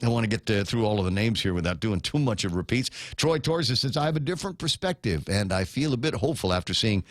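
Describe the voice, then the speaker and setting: A man's voice: lowish voice, lively intonation, quick pace, few pauses, dry recording. Rambling middle-aged male radio host. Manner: rambling, many fillers and restarts; reads out listener comments. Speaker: radio talk show host. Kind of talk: morning talk radio. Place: radio studio.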